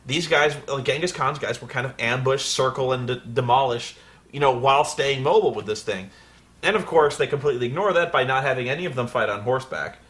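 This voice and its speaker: A man co-hosting a casual chat, rambling and excitable, swearing and laughing often. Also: mid-range voice, brisk. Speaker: co-host.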